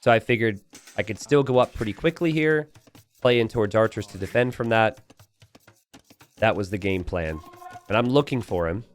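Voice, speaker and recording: A man's voice: on the low side, normal speed, pauses often, soft background music. A young adult man giving casual, chatty commentary over a strategy game replay, telling the story with plenty of "uh" fillers.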